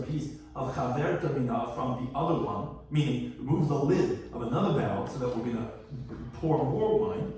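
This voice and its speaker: A man's voice: on the high side, darkish tone, a little hiss or hum. A male rabbi teaching a Talmud class, chanting Aramaic phrases and explaining each in plain words with small jokes. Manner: explains Aramaic phrases line by line, chanting the original then translating, with quips. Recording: very echoey room, distant mic.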